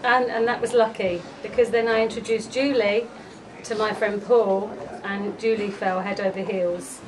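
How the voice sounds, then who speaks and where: A woman's voice: medium pitch, flat delivery, normal speed. A woman, giving a heartfelt memorial eulogy for a close friend. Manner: fond, heartfelt, chuckling between lines. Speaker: eulogy speaker, friend of the family. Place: memorial gathering room. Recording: distant mic with background noise at a memorial gathering.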